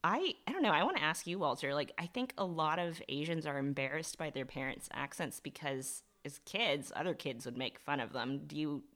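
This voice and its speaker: A woman's voice: low-pitched, lively intonation, brisk, hardly any pauses, fairly bright tone. A woman co-hosting a podcast who talks in a thoughtful, casual way and often hedges her words with fillers. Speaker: podcast co-host. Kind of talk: casual discussion.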